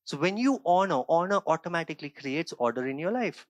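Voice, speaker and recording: Man from India, pastor, emphatic sermon, slightly high voice, dry close sound. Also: expressive, fairly quick, no echo. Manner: emphatic, preaching with rising intensity.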